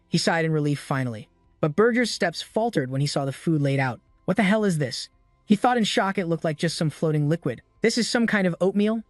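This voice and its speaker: A man reading a scripted story recap in a steady, even narrating manner. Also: fairly high pitch, dry recording, studio quality.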